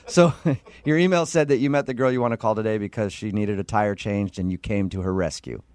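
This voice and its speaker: A man co-hosting a radio show, joking in a teasing, deadpan way. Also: fairly low pitch, brisk, smooth, no room sound. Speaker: radio co-host.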